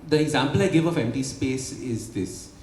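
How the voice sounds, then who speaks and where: This author and habit coach, addressing an audience in an event hall, shares his ideas at a book launch and repeatedly asks "right?" rhetorically. His medium-pitched voice is animated and a little mellow, at a moderate pace. The echoey room carries light ambience plus a little hiss or hum.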